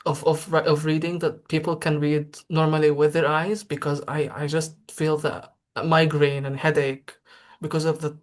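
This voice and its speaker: Halting man on a video call. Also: on the high side, level tone. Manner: halting, many repeated words. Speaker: guest speaker. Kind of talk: live demo talk.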